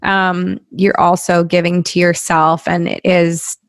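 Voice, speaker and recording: A woman's voice: lowish voice, level tone, slow, no echo, clean studio sound. A woman hosting a podcast, talking in an earnest, encouraging way and laughing easily. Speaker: podcast host. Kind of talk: casual conversational interview.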